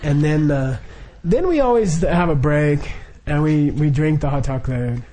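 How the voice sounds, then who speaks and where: Mellow-voiced man, rambling and chuckling. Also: fairly high pitch, lively intonation, moderate pace. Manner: rambling, chuckling, many fillers and restarts. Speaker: Buddhist group leader. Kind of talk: informal instruction to a group.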